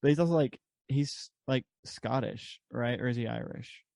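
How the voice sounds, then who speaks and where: A man's voice: medium pitch, normal speed, vocal fry, warm tone, no echo. A man co-hosting a podcast in casual chat, rambling with lots of fillers and laughs. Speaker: podcast co-host.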